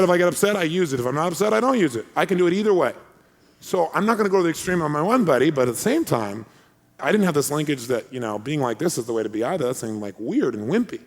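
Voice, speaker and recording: A man with a raspy, gravelly voice tells a story to an audience, swinging his pitch widely as he goes. He sounds energetic and acts out the lines of the people in his story. The recording carries the long reverb of a large hall. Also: fast. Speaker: motivational speaker. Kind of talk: animated motivational talk with acted-out quotes.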